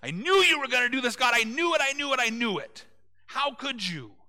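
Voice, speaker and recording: A man doing a whiny, shrill Jonah. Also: big pitch swings, fairly quick, bright, forceful tone, long reverb tail, exaggerated voice. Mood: whining. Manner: shrill, complaining outbursts. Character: whiny indignant prophet Jonah, a petulant man.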